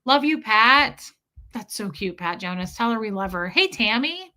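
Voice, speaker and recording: A woman's voice: fairly high pitch, moderate pace. A woman hosting a casual livestream, telling a story while thanking her viewers between sentences. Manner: chatty, thanks viewers mid-story, animated retelling. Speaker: livestream host.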